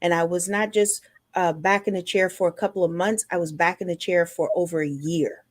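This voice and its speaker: A woman's voice: fairly low pitch, fairly even intonation, a little fast, no echo. A woman guest in a podcast interview, a motivational speaker telling her personal story in an earnest way and acting out remembered conversations. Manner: earnest, acts out remembered dialogue.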